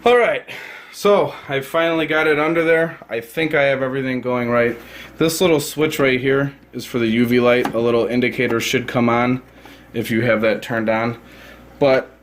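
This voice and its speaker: A man's voice: medium pitch, fairly even intonation, normal speed. A man giving a casual hands-on product demo at home beside a tank, filming on a handheld phone and rambling with lots of fillers and self-corrections. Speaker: product reviewer.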